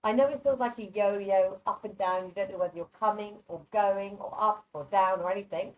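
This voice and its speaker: A woman's voice: medium pitch, a little fast, dull audio. A woman doing live psychic readings over a video call, affectionate and chatty, calling people darling. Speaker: psychic reader.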